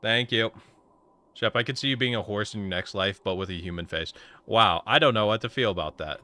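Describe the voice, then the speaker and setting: A man's voice: on the low side, brisk, bright, forceful tone. A man streaming a game live, chatting casually with his viewers, voice a little sore. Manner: rambling, chatty, talks to chat. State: slightly sore voice. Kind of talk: casual live-stream chat while gaming.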